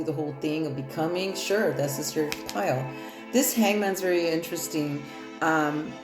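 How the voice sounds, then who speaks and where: A woman giving a loose, rambling tarot reading in casual, profane talk. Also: deep voice. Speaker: tarot reader. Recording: echoey room with loud music.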